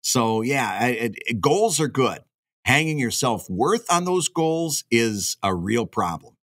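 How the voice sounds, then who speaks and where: A man co-hosting a casual podcast chat about cartooning, talking in a reflective, halting way. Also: medium pitch, lively intonation, fairly bright tone, no room sound, studio quality.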